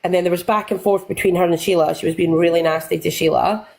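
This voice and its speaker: A woman's voice: fairly low pitch, steady tone, vocal fry, a little mellow, low-quality recording. A woman recapping online drama in a rambling, casual way, swearing freely and acting out what others said. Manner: acts out other people's lines in quick bursts. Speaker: livestream guest recapping drama.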